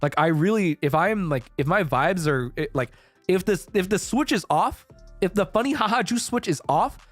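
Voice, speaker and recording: Chill guy streamer chatting, voice goes up and down a lot, slightly high, soft music under it. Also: lively intonation, normal speed, no echo. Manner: laid-back, swears casually, says "dog". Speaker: VTuber streamer. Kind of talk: casual chat stream.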